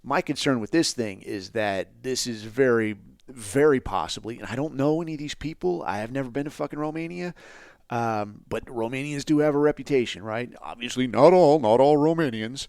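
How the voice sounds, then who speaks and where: A man's voice: medium pitch, brisk, creaky, no echo, clean studio sound. A man hosting a podcast, talking in a blunt, profane, rambling and sarcastic way. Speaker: podcast host. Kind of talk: casual podcast commentary.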